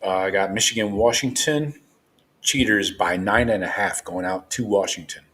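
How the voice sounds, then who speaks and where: A man's voice: lowish voice, moderate pace, fairly bright tone. A man hosting a live sports stream, talking loosely and rambling as a partisan fan. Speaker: live show host.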